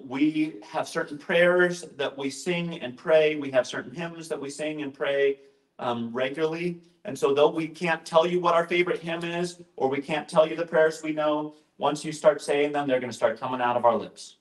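A male pastor giving an informal, conversational talk, often interrupting himself with asides and jokes. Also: on the high side. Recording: roomy echoing room.

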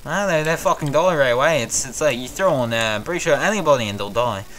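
A man's voice: mid-range voice, lively intonation, fast talker, fairly bright tone, slight background noise. A young man hosting a casual gameplay commentary in a put-on British accent, rambling and swearing with frequent stammered restarts. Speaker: gaming channel host.

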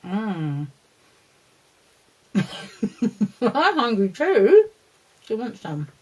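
A woman's voice: mid-range voice, huge pitch swings, drawn-out words, darkish tone, slightly rough, rough recording. A woman presenting a children's lesson, talking fondly to a puppet and the viewers. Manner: talks fondly to a puppet dog and the children, with laughs and scolding.

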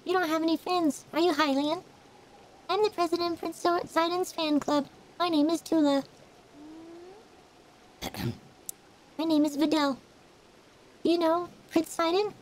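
A gushing, excitable young fish fangirl, voiced by a man. The voice is pushed up very high, with a faint hiss of noise under it. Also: a little slow, pauses often, low-quality recording. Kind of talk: voicing game dialogue on a stream.

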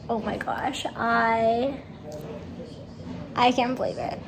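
A young woman teacher chatting excitedly in a casual vlog, with many "like"s. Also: sits high, measured pace, a little hiss or hum. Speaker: teacher and vlogger.

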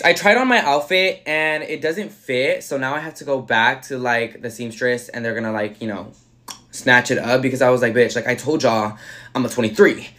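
A young man chatting in a casual get-ready-with-me vlog, telling a story in a sassy, profane way. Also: mid-range voice. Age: young adult. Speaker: influencer.

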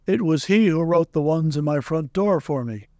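A pompous, long-winded old male owl who fusses over long words, played by a man reading aloud. His storybook voice sits slightly high and is recorded close and dry. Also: animated, normal speed, warm tone, dry recording. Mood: chatty.

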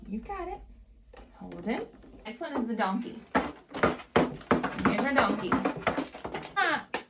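Woman, mother, coaching a small child, encouraging, patient, higher voice, very lively melody, noisy home recording. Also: takes it slowly, gravelly. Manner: patient, encouraging, sing-song talk to a child. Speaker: mother and caregiver. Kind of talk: coaching a young child through play.

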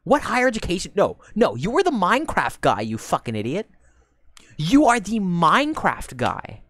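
A young woman streams her reaction in a profane, mocking rant, her pitch leaping about lively as she talks. Her voice sits a little low for a woman. The sound is close and dry, with no room around it. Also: normal speed, dry recording. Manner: animated, profane, mocking, loud bursts of laughter.

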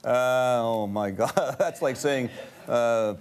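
A man's voice: medium pitch, slow, clean tone. A man in his sixties, a comedian guest on a talk show, telling anecdotes and chuckling often. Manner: chuckling storyteller, laughs often.

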